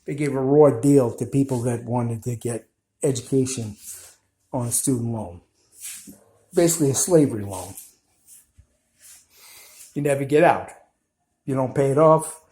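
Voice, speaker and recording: A man's voice: medium pitch, a little slow, long pauses, mellow, reverberant, rough recording. Combative New York Italian man ranting. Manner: combative, scolding, blunt. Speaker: video commentator. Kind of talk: ranting commentary to camera.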